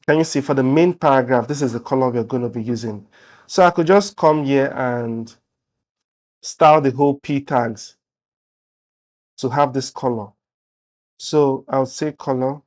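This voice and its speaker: A man's voice: medium pitch, measured pace, pauses often. A man teaching a web development lesson, talking through code as he types it on screen. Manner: relaxed, thinking aloud while typing. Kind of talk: screen-share coding tutorial.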